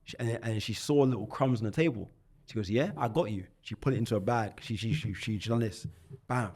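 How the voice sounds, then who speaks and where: A man in his twenties from London shares his life story on a podcast in animated, slang-rich speech, restarting and repeating words often. His voice is on the low side with a breathy edge, and he talks a little fast.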